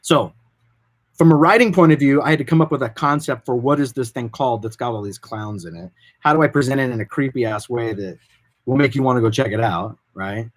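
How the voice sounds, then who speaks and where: A man who directs production, explaining his voiceover work in a casual, informal and animated way. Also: mid-range voice, fairly quick. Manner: informal, animated, loose and rambling.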